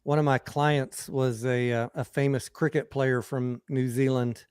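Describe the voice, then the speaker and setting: A man co-hosting a livestream, telling relaxed stories in casual chat with filler words. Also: mid-range voice, measured pace, clear, resonant tone, dry recording, studio quality. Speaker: livestream co-host.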